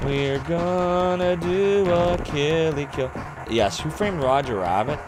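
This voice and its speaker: A man streaming a retro game, joking, swearing and humming tunes as he plays, with game music behind. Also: mid-range voice. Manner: goofy and profane, hums and sings tunes. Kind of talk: casual live-stream commentary.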